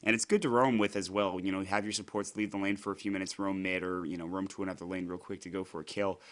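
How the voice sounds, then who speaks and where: Slightly hoarse chatty male commentator. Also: sits low, flat delivery, fast. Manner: chatty, rambling, frequent fillers and self-corrections. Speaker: esports commentator. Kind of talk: solo play-by-play commentary.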